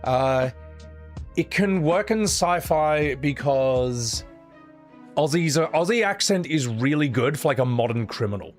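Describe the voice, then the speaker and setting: A man's voice: a little high, lively intonation, a little slow, faint music behind. A man chatting casually on a live stream, blunt and opinionated, swearing freely and rambling through his points with restarts.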